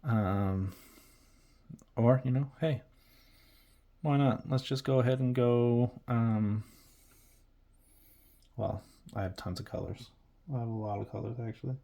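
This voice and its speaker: A man's voice: mid-range voice, a little slow, vocal fry, long pauses, dark tone. A man chatting casually and rambling as he paints miniatures at his hobby desk, trailing off and restarting often.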